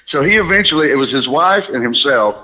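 A man with a Southern accent worn down by decades in New York, calling into a radio show as a comedian guest. His voice is bright and forceful, and he tells stories in animated bursts with quick restarts. The sound comes through a radio phone line. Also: medium pitch. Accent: Southern US, softened by New York. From Alabama. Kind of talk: phone-in radio interview, storytelling.

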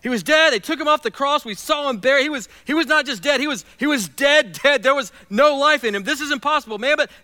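A man voicing frightened disciples who doubt rumors that their teacher has come back alive, talking in an anxious hush. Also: very high voice, fast, hardly any pauses, no echo, studio quality, voice pushed up. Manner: hushed, anxious, repeating himself. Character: disbelieving frightened male disciples, hushed and anxious.

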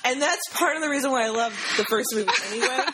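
A woman's voice: sits high, quick pace, very noisy. A young woman co-hosting a podcast, casually recapping a movie in a rambling, enthusiastic way full of fillers. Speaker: podcast co-host.

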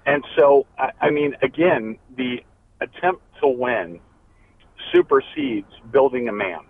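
A man's voice: medium pitch, lively intonation, unhurried. Passionate male caller on tinny phone. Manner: passionate, emphatic. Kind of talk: phone call-in. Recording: tinny phone line with faint noise.

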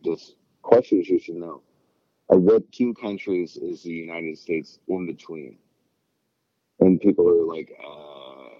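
A man's voice: sits low, dry recording, muffled recording. A middle-aged man chatting casually, rambling and swearing as he acts out quotes. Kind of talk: casual chat.

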